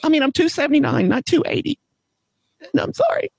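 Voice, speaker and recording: A man putting on a flamboyant florist, gushing and theatrical, who keeps tipping into weepy wails. His voice sits a touch high. The recording is close and completely dry. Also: lively intonation, normal speed, dark tone, dry recording. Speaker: prank caller. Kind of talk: prank phone call.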